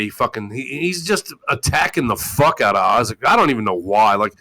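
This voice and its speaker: A man hosting a call-in talk show, ranting loudly with constant swearing and mocking voices. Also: lowish voice, a little fast, no echo, poor audio. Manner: loud, animated, swearing, mocking impressions. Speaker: host. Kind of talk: profane casual rant on a call-in show.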